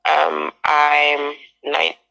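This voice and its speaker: A woman's voice: low voice, monotone, drawn-out words, creaky, pushed and bright, muffled recording. A woman in her thirties from the UK, a podcast guest who explains things carefully and laughs easily. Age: 30s. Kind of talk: casual interview chat.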